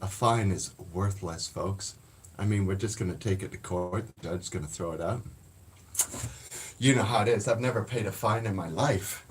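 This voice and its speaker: Casual male streamer, lowish voice, rambling and foul-mouthed. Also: moderate pace, a little hiss or hum. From Canada. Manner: profane, rambling, blunt. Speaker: livestream host. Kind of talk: casual livestream chat.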